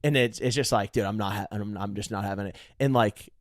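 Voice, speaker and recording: A man telling a bar story on a comedy podcast, animated and full of swearing, acting out other people's lines. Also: lowish voice, fast, dry recording, clean studio sound. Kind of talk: casual storytelling chat.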